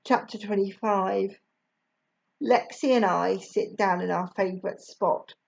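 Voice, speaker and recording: Expressive woman reading aloud slowly. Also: mid-range voice, vocal fry, muffled recording, a little hiss or hum. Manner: expressive, lively. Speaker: storybook reader. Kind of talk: reading a children's novel aloud.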